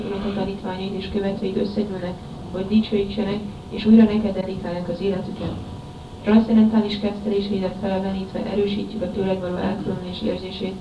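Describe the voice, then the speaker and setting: Woman reading fast in a flat tone. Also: mid-range voice. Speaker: reader of a translated homage. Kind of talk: reading a devotional offering aloud. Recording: dull, echoey, distant recording with clear background noise.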